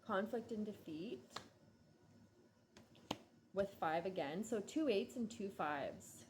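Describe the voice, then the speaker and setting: A woman's voice: mid-range voice, expressive, a little hiss or hum. A woman giving a casual tarot reading, musing and hesitant, drowsy and yawning. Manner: slow, musing, hesitant with many ums and likes. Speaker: tarot reader.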